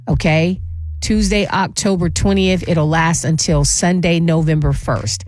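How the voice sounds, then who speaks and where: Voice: mid-range voice, darkish tone, no room sound. A radio host giving show links, contest keywords and a persuasive reminder about voting, repeating key points. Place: radio studio. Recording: dry studio sound.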